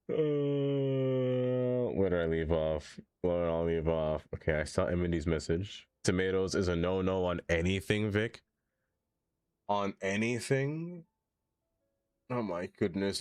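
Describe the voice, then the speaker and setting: A man's voice: low-pitched, dry recording. A man live-streaming a city-building game, chatting casually and reading chat aloud, ranting animatedly and laughing often.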